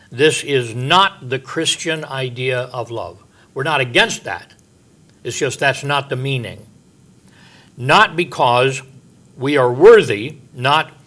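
An older man preaching in a relaxed, conversational way, explaining scripture as a pastor would. He slips in homey asides and "you know"s and slows right down to lean on the words he wants to stress. His voice sits at a mid pitch for a man. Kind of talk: sermon, verse-by-verse Bible teaching.

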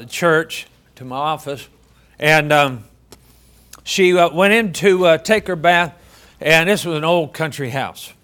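A middle-aged male pastor preaching a sermon, telling a folksy story with many halting fillers. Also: fairly high pitch, a bit bright.

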